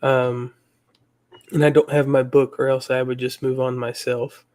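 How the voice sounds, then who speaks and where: Slow, hesitant man on a video call. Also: medium pitch, little pitch movement, darkish tone. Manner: slow and hesitant, thinking aloud while parsing words. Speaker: student in an online language class. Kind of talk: casual online class discussion.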